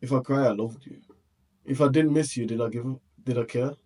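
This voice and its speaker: A man's voice: mid-range voice, steady tone, brisk, warm tone. A man hosting a reaction video, speaking in a heartfelt, reflective way, often restarting his sentences.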